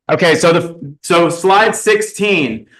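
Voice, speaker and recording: Slightly high-voiced man presenting slides. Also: a bit bright, poor audio. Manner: casual, fumbles with slides. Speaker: conference organizer.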